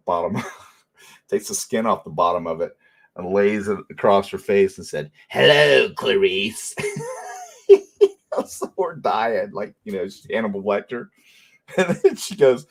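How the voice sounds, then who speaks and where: A middle-aged man hosting a casual livestream, telling animated stories and laughing often. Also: lowish voice, breathy edge. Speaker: livestream host.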